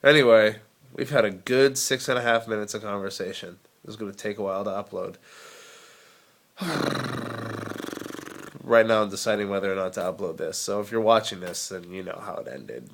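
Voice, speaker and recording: A man's voice: on the low side, quick pace, creaky, fairly bright tone, a little hiss or hum. Drowsy young man rambling in a vlog. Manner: rambling, self-deprecating, drifting into tangents. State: drowsy from cold medicine. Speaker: vlogger.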